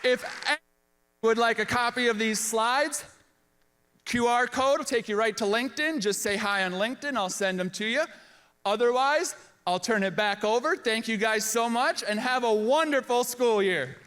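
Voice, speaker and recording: A man gives a motivational keynote as a guest speaker, his lines short and punchy. His voice sits high and sounds bright. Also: normal speed, clean tone.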